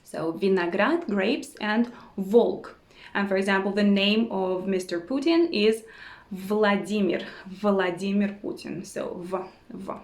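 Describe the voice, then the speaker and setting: A woman teaching a language lesson at an unhurried pace, sounding out each word carefully and repeating it again and again. Her voice sits in the middle of the range, and the room around her has a noticeable echo. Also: mid-range voice. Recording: roomy echo.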